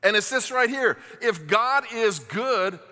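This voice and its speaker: A male pastor with a high, bright, ringing voice preaches an earnest, impassioned sermon. His voice carries with a long reverb through a church hall. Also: lively intonation, takes it slowly. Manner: earnest, impassioned preaching that drops to a soft, hushed tone.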